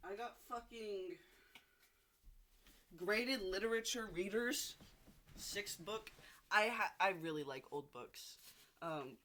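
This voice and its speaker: Bright-voiced vlogger gushing over a book. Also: mid-range voice, slow pace, long pauses. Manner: rambling and gushing, with frequent restarts and casual swearing. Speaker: video diary vlogger. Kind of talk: casual video diary chat.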